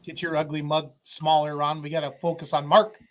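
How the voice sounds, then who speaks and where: High-voiced joking male co-host. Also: flat delivery, fairly quick. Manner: joking, teasing. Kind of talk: casual interview chat.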